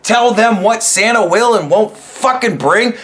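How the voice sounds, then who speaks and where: A man's voice: sits high, measured pace, fairly bright tone. A man hosting a podcast, delivering an angry, mocking political rant full of swearing. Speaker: podcast host. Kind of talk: profane political commentary rant.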